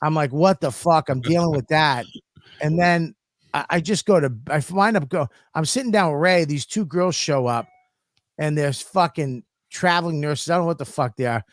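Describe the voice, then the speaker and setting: A podcast host man ranting through a story, swearing constantly and getting worked up. His voice is pitched a bit high and sounds close and dry. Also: moderate pace, no echo. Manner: profane, animated ranting.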